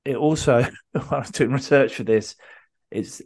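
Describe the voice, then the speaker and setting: A man's voice: mid-range voice, moderate pace, darkish tone, breathy edge. Rambling man hosting a podcast. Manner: rambling storyteller, many ums and restarts. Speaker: podcast host. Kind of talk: casual podcast chat.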